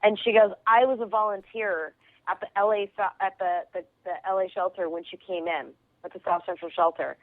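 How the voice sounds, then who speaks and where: A woman comedian telling an animated story as a radio guest, acting out the people in it. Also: medium pitch, brisk, no room sound. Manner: excitable, quotes people in her stories. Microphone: phone call. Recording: tinny phone line.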